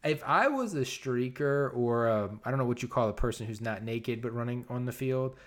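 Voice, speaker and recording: A man of ordinary pitch, trading casual banter and getting animated as he riffs. He restarts his sentences often and throws in mild swearing. It sounds easygoing and offhand. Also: moderate pace. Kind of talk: casual chat.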